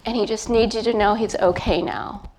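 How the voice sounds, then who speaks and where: A middle-aged woman, a psychic medium, gives a gentle, hesitant live reading before an audience, pausing often as she feels her way. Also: mid-range voice, fairly even intonation, a little hiss or hum. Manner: gentle, hesitant, feeling her way with many pauses. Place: event talk in front of a live crowd.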